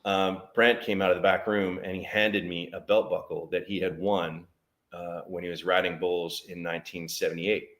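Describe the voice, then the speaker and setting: A man with a very low voice tells a story in conversation. He acts out the other people's lines with energy as he talks. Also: normal speed. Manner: animated storyteller acting out dialogue. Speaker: guest, barbershop business owner.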